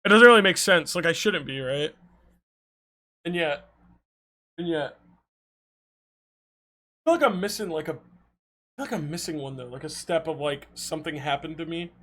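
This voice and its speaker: Young male streamer, high bright voice, lively casual storytelling, cursing freely. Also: moderate pace, pauses often. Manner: animated, swearing, laughing often.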